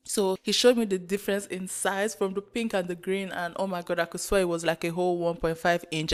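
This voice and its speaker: A woman's voice: mid-range voice, smooth. A young woman with a British accent, casually telling a story in her vlog with lots of "like" and "yo" and bursts of laughter. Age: young adult. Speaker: vlogger.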